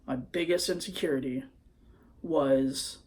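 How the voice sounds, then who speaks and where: A man's voice: mid-range voice, a little slow. A young man vlogging into his phone, telling a personal story in a hesitant, rambling way full of fillers. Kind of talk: confessional personal vlog.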